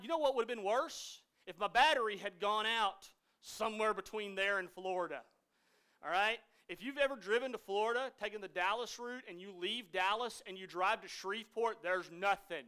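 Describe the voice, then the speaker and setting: Man, 30s, pastor preaching a dynamic sermon; bright, forceful tone with loud peaks and quiet drops. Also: high voice, normal speed, clear, resonant tone. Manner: dynamic preaching, swinging from loud emphasis to hushed asides.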